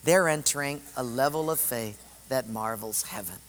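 A pastor with a medium-pitched voice at a normal pace delivers a sermon full of stories, animatedly acting out the voices of the people in them. The recording carries the long reverb of a hall.

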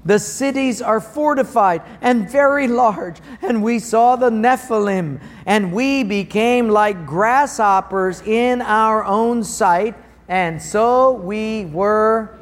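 A man's voice: high-pitched, takes it slowly, few pauses, slight background noise. A man preaching a sermon, telling stories and acting out people's voices with big jumps in his tone. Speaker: pastor. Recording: long hall reverb.

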